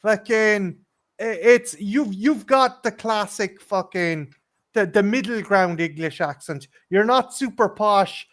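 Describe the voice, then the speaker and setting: A man's voice: sits high, slow pace, fairly bright tone. A man with a Scottish accent chatting casually on a livestream, swearing freely and stammering when he gets worked up. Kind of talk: casual chat.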